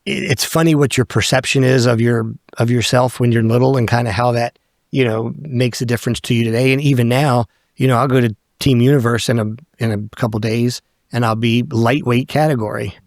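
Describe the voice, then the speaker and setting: A man's voice: mid-range voice, brisk, dry recording, clean studio sound. A middle-aged man from Northern Virginia telling stories as a podcast guest, acting out the people he quotes and swearing casually. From Northern Virginia, USA. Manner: animated storyteller who acts out quoted people, swears casually. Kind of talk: casual storytelling conversation.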